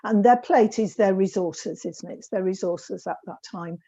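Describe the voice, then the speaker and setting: A woman guest in a live online talk, explaining calmly. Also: medium pitch, normal speed. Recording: dull lo-fi audio.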